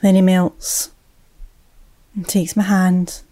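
A woman, a mother, telling a personal story in a reflective way, often dropping to a hushed whisper. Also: on the low side, flat delivery, takes it slowly, no echo.

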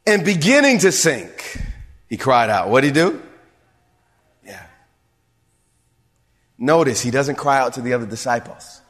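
Man preaching in church, hushed one sec then loud, lots of "you hearing me?", roomy hall echo. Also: medium pitch, lively intonation, measured pace, pauses often. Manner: preacherly call-and-response, swinging between hushed and shouted. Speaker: pastor. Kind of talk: sermon. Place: church sanctuary. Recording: long hall reverb.

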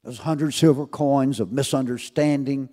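A man preaching a sermon to a congregation, swinging between loud calls and hushed asides and asking rhetorical questions. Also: medium pitch, fairly even intonation, moderate pace.

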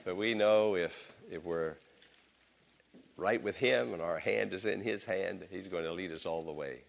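A man's voice: deep voice, a little slow, creaky. A middle-aged man preaching a sermon as pastor in a church, his voice swelling and dropping with passion. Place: church sanctuary.

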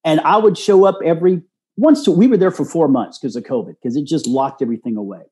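A man's voice: a little high, fast, warm tone. A man in his sixties from Texas, telling a personal story as a guest in an earnest, folksy way. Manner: earnest, folksy, acts out quoted voices. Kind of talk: casual storytelling.

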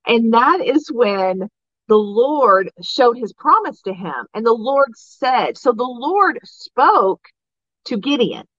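A woman's voice: a little high, very animated, slow, fairly bright tone, dry recording, highs cut off. Chatty woman teaching a Bible story. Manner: chatty, enthusiastic, many "like" and "right?" asides. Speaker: devotional podcast host. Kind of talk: casual Bible devotional teaching.

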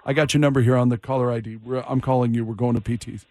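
A man hosting a morning radio talk show, animated and jokey, quick to laugh. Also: mid-range voice, noisy background.

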